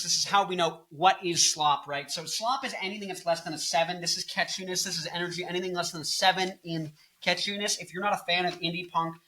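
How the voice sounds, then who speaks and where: A man's voice: a little high, sharp tone. A young man in his twenties hosting a casual, jokey and rambling music commentary video. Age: 20s. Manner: jokey, rambling, goofs off into silly bits.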